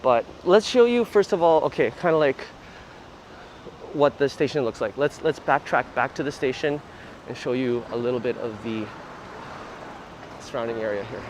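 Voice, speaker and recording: A man's voice: medium pitch, lively intonation, moderate pace, pauses often, a little hiss or hum, poor audio. A man hosting a casual livestream outdoors on city streets, chatting in a rambling way with lots of fillers. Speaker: livestream host.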